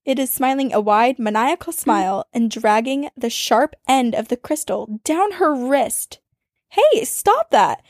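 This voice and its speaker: A woman podcast host reading a listener's ghost story aloud, with dramatic storytelling that speeds up and slows down for suspense. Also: fairly high pitch, dry recording, clean studio sound.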